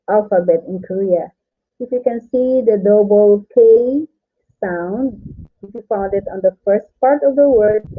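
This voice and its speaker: A woman teaching on a live stream, patiently repeating each syllable several times. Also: mid-range voice. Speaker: language teacher. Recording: tinny phone-like audio.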